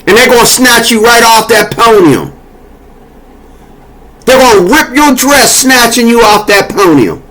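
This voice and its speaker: A man with a notably high-pitched voice launches into an angry political rant. He scolds and curses freely, his tone heated and confrontational throughout. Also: expressive, unhurried, pauses often, a bit bright. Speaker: political commentator. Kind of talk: angry monologue.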